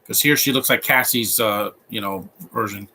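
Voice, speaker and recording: A man's voice: fairly low pitch, moderate pace, bright, forceful tone, a little hiss or hum. A man in his thirties giving live movie commentary, opinionated and rambling, often restarting his sentences.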